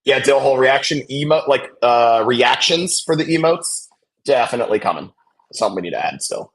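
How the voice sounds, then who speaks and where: A man hosting a live basketball watch-along, chatting casually and calling plays with excitement. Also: mid-range voice, brisk. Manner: chatty, excitable, reacts loudly to big plays.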